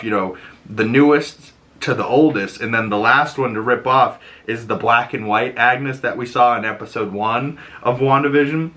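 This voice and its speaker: A man hosting a casual episode recap, animated and acting out character lines in put-on voices. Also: medium pitch.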